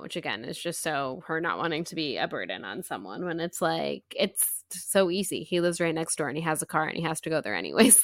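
A woman's voice: sits low, animated, normal speed, dry recording, clean studio sound. A woman co-hosting a podcast, retelling a book's chapters in a chatty, giggly way with many fillers. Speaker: podcast co-host. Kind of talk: casual book-club chat.

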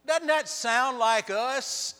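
A man preaching a sermon as pastor, telling Bible stories with sharp swings between loud and soft. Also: very high voice, slow pace, clear, resonant tone, in a large hall. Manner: storytelling, dramatic shifts in loudness. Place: church sanctuary.

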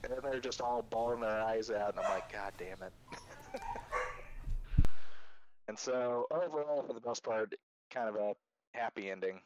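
A young man casually recapping an anime, laughing and filling in quick character voices as he retells scenes. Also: on the low side, low-quality recording.

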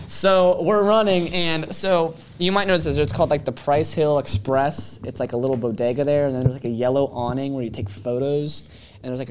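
A teenage boy co-hosting a podcast in casual chat, telling stories animatedly and acting out quotes loudly. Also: mid-range voice, a little hiss or hum. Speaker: podcast co-host.

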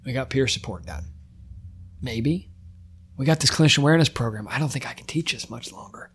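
A middle-aged man, a firefighter guest on a podcast, telling a personal story with raw emotion, often repeating and restarting his words, his voice rising when worked up and dropping off quietly. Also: mid-range voice, fairly quick, breathy edge.

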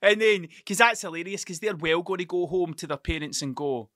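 Guy on his podcast, rambles and swears a lot, stutters, bright kinda high voice. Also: fairly quick, no echo, clean studio sound. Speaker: podcast host. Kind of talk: casual monologue.

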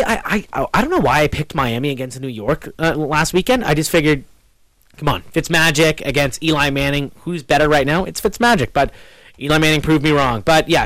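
A man hosting a casual sports podcast, talking in an animated way with quick swings in pitch. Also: dry recording. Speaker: podcast host.

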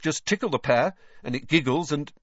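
An actor voicing a mischievous teenage prankster twin who talks in a teasing, jokey way, in a dry, slightly dull studio recording. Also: male voice, fairly high pitch, moderate pace, dry recording, voice pushed up, close to an everyday voice.

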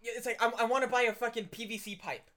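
High-voiced laughing male podcast host. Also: steady tone, fast talker, sharp tone. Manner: laughing, swearing, teasing. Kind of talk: casual podcast chat. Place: room in a house.

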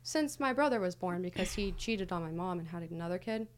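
A woman's voice: on the low side, expressive, a little fast, a little hiss or hum. A young adult woman, a podcast guest, recounting her past candidly in a casual, hesitant way with many fillers. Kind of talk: casual conversational interview.

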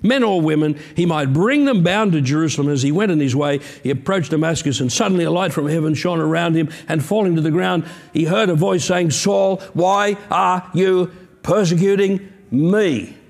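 A male pastor delivering a sermon in a fairly high voice. He preaches with earnest emphasis and breaks into casual asides to his congregation. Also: a little fast, hardly any pauses, a little mellow.

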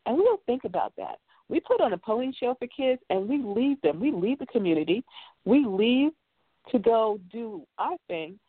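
A woman's voice: fairly high pitch, big pitch swings, moderate pace, slightly rough, dry recording. Earnest woman host on a tinny line. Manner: earnest, rambling storytelling with many fillers. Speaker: talk show host. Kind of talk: casual call-in radio talk. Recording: tinny phone-line sound.

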